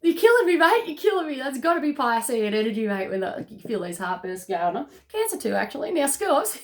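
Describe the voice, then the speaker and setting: Woman, tarot reader on a casual video reading; excitable, laughs a lot, keeps tagging "okay?" after each point. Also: high-pitched, fairly quick, few pauses. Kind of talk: casual spiritual card reading.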